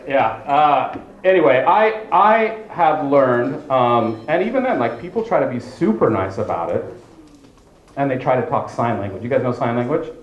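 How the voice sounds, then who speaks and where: Animated stand-up comic in an echoey club. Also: male voice, medium pitch, moderate pace, highs cut off, slight background noise. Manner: joking, animated, mock-dramatic quotes. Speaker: comedy show host. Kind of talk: stand-up comedy. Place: comedy club stage. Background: audience laughter.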